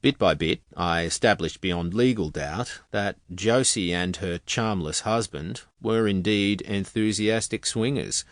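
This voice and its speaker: A man's voice: on the low side, measured pace, hardly any pauses, dry recording. A man narrating a novel in the first person, with a wry, conversational storytelling manner, close on the mic. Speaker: audiobook narrator.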